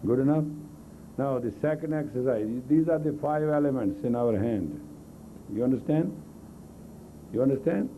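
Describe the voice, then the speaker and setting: Heard on a tinny lo-fi 1980s tape of a live talk, with a little hiss or hum, a meditation teacher guides a group exercise class. His medium-pitched voice moves at a moderate pace with frequent pauses, giving blunt, coaxing commands in non-native English grammar.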